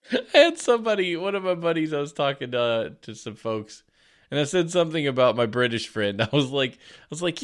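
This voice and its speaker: A man's voice: mid-range voice, animated, moderate pace, fairly bright tone. A man co-hosting a podcast, reading a news story aloud and chatting casually, laughing often as he tells stories. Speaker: podcast co-host.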